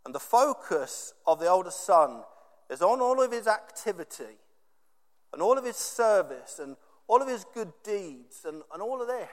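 A man preaching a sermon, emphatic and repetitive, with dramatic pauses. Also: high-pitched, sing-song, in a large hall.

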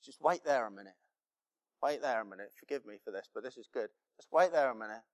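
A man voicing God as a gentle male creator, speaking in a hushed, playful aside. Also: medium pitch, expressive, fast talker, pitched below the performer's own voice, close to an everyday voice. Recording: long hall reverb.

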